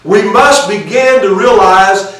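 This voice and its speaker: A man's voice: sits high, takes it slowly, a bit bright, a little hiss or hum. A pastor preaching a sermon in a church, earnest and restarting phrases as he builds each point. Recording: echoey hall, voice from far off the mic.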